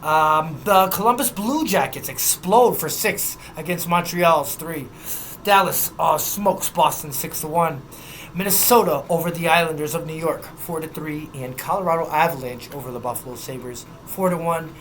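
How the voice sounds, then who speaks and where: A young man with a bright, forward voice hosts a casual sports rundown. He rattles off scores in quick lists and drifts into loose, swearing asides. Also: on the high side, a little hiss or hum. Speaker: sports podcast host.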